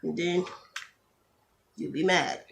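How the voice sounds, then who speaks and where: A woman's voice: on the low side, steady tone, gravelly, a little hiss or hum. Chatty woman vlogger filming a nail tutorial. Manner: chatty, quick to get exasperated, jokey asides. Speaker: beauty vlogger. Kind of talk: casual tutorial chat. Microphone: camera phone.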